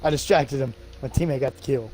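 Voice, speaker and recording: A man talking casually while he plays a game live, at a middle pitch. He rambles in a relaxed way and curses freely whenever the match goes badly. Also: a little fast, faint music behind. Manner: chatty, swears freely at the game. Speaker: streamer. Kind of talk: casual chat while gaming.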